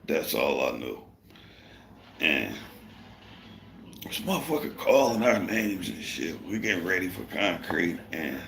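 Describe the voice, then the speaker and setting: A man's voice: deep voice, gravelly, a bit bright. A middle-aged man telling a profane, heated work story to viewers of a live stream. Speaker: construction worker and livestreamer. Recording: roomy echo.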